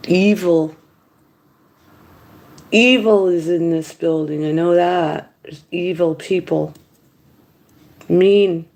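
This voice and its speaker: A woman talks slowly and unhurriedly in a lowish voice, rambling through a casual late-night monologue at home. She complains as she goes and grows lively whenever she quotes other people. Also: gravelly. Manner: rambling, complaining, animated when quoting others. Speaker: mukbang vlogger. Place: indoors at home.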